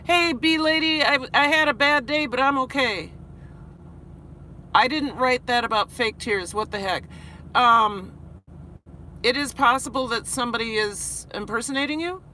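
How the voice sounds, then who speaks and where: A tired woman who teaches high school talks through a rough day in a live vlog, halting and restarting as she reads comments. Her voice is bright and clear. Faint traffic noise sits behind her in the car. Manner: emotional, earnest, halting with restarts. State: worn out after crying. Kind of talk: live-stream vlog, reading chat.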